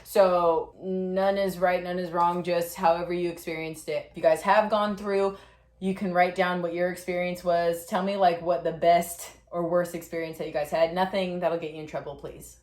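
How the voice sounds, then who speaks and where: A young woman in her twenties casually telling stories and giving tips about basic training, chatty and animated with lots of fillers. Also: fairly low pitch, moderate pace. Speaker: vlogger sharing Air Force basic training experience. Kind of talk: casual storytelling and tips to camera. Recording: echoey room.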